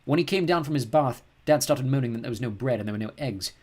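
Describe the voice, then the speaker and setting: A man reads an audiobook aloud in the first person. His husky, mid-pitched voice tells the story calmly and plainly. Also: fast talker. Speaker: audiobook reader.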